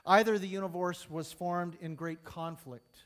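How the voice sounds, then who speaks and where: Guy preaching in church, kinda high voice, gets loud then drops way soft. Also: fairly even intonation, normal speed. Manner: emphatic, building and falling in intensity. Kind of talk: sermon ending in prayer.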